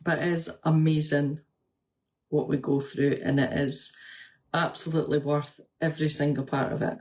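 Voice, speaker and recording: A woman's voice: low-pitched, flat delivery, moderate pace, a little mellow. A woman vlogger and nurse chatting casually, answering viewer comments and laughing often as she retells stories.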